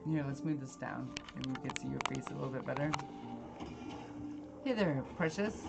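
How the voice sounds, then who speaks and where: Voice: medium pitch, steady tone, fast talker, gravelly, over loud music. A person in their thirties giving casual gameplay commentary, blunt and forward, self-described as socially awkward, who laughs often. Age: 30s. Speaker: let's play gamer.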